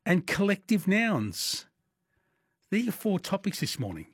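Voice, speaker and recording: A man with an Australian accent hosting a morning radio quiz, upbeat and quick to laugh. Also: high voice, huge pitch swings, breathy edge, no room sound, studio quality. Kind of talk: breakfast radio quiz chat.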